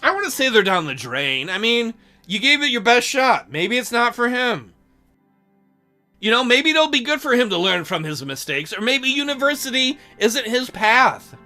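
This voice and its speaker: A man's voice: extremely high pitch, very animated, moderate pace, sharp tone, soft background music. A man hosting a let's play, reading game text aloud and reacting with sarcastic, profane commentary.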